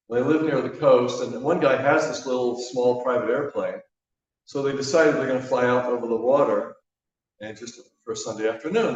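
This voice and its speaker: A man giving a sermon in a church, telling stories in a relaxed, conversational way with frequent fillers. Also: mid-range voice. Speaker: guest speaker. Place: church sanctuary. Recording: echoey church hall from a distance, dull.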